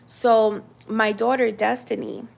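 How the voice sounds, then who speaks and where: Woman, 30s, American, casual storyteller; raspy fry throughout, chatty and animated. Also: a little high, takes it slowly. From United States. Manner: chatty, animated retelling with many fillers.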